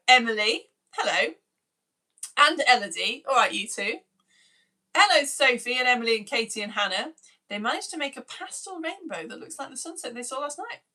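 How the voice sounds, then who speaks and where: A woman's voice: on the high side, sharp tone. A woman in her thirties, a teacher, chatting on a live stream and greeting children by name in a bubbly, self-mocking way. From United Kingdom. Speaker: teacher reading out viewer messages.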